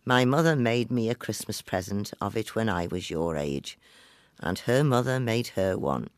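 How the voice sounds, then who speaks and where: A man voicing a sly old countrywoman who coaxes a girl into taking a strange gift, dropping now and then to a hushed whisper. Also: fairly low pitch, lively intonation, moderate pace, no echo, natural voice. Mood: coaxing. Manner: coaxing, knowing, half-whispered asides.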